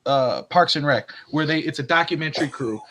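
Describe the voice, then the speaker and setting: A man co-hosting a casual sports podcast, telling stories in an animated way and acting out quotes. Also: a little high, a little fast. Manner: animated storyteller, acts out quotes, swears casually. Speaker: podcast co-host.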